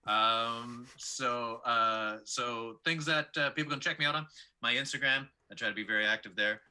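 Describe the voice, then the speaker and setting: A middle-aged man, a stand-up comedian, chatting as a guest in dry, self-mocking deadpan with hesitant fillers. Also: medium pitch, moderate pace, smooth. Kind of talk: deadpan self-deprecating comic chat.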